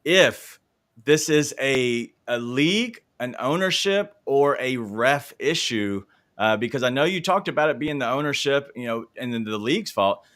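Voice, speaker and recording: A man's voice: medium pitch, lively intonation, moderate pace, fairly bright tone. Conversational sports-talk man from Memphis. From Memphis, Tennessee. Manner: conversational, steering questions, aggrieved opinions. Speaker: sports show co-host.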